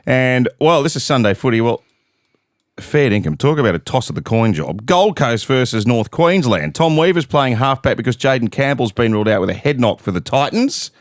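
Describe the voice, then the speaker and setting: A middle-aged Australian man hosting a casual sports chat, briskly running through team news and odds. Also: mid-range voice, expressive, no room sound, clean studio sound. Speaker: sports podcast host.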